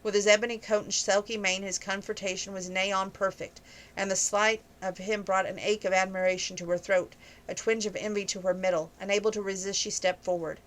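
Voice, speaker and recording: A woman reading a romance novel aloud at an even pace, now and then noting page numbers. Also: medium pitch, brisk, poor audio. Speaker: book reviewer reading aloud.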